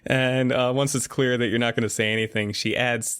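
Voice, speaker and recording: A man's voice: medium pitch, fairly quick, smooth, no echo. Dry-sounding man narrating a tabletop game. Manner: relaxed, descriptive narration with laughs. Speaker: game master.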